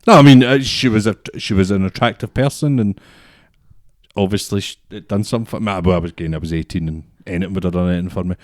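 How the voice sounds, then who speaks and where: A man's voice: low voice, fast talker, dry recording, studio quality. A young man co-hosting a podcast, telling stories bluntly and swearing freely. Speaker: podcast co-host. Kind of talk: casual chat.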